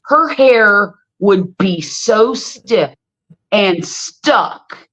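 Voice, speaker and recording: A middle-aged woman, hosting a casual livestream and chatting with viewers as an animated storyteller. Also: medium pitch, drawn-out words. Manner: animated storyteller, exclaims freely. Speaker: livestream host. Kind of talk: casual livestream chat, reading viewer comments. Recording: slightly dull lo-fi stream audio.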